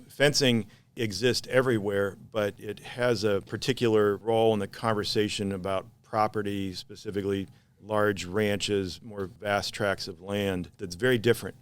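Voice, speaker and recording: A man, a painter, talking in a measured, thoughtful way about his work in an interview. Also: fairly low pitch, clear, resonant tone. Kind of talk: gallery interview.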